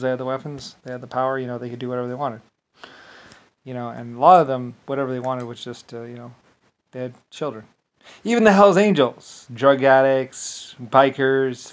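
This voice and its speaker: A man talking alone in a loose, rambling rant at an ordinary middle pitch. He swears freely and waves things off with filler, one thought spilling into the next. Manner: profane, dismissive rant with frequent filler. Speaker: channel host. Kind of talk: rambling solo monologue.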